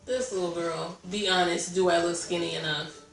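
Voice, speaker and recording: A woman's voice: on the low side, steady tone, moderate pace, vocal fry, faint music behind. A young woman chatting at dinner in a wry, self-mocking way. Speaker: family member at dinner. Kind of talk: casual chat. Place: home dining table. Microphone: far camera. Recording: echoey room, mic far off.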